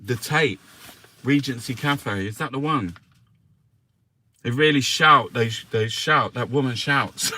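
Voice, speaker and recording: There's faint background noise as a livestream host goes through the newspapers, his mid-range voice bright and forceful. It's a casual show where he swears often and cracks jokey asides to the people watching.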